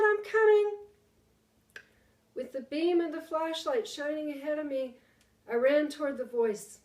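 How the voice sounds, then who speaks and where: A woman teacher reads a story aloud to her class, slowly and dramatically, dropping to a hush at the tense moments. Her voice is a little high, and it sounds roomy and distant from the mic. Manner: slow, dramatic reading with hushed pauses.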